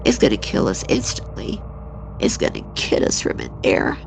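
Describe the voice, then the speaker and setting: A woman in her sixties, a guest on an interview show, retelling a frightening personal experience in an emotional, halting way. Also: very deep voice, wildly swooping pitch, vocal fry, noisy background. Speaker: guest recounting an encounter.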